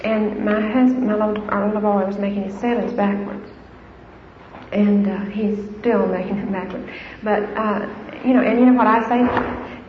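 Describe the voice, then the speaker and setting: A woman's voice: mid-range voice, fairly even intonation, moderate pace. A middle-aged woman gives an informal talk on raising children in faith, with frequent fillers and restarts. Her voice carries a long echo through a hall. The old recording sounds dull and lo-fi, with a faint hiss. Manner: conversational, warm-hearted, frequent fillers and restarts. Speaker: speaker on Christian parenting. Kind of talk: informal talk to a live audience.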